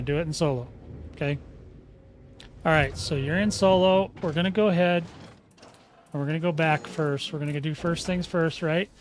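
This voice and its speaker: A man's voice: a little high, fairly bright tone, smooth, no echo. A man hosting a casual game tutorial, folksy and chatty, often restarting sentences and checking in with "okay?". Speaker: gaming channel host.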